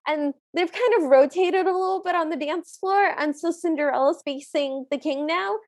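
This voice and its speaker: High-voiced enthusiastic woman podcaster. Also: moderate pace. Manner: enthusiastic, retells scenes with quoted lines. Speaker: podcast co-host. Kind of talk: casual film recap chat.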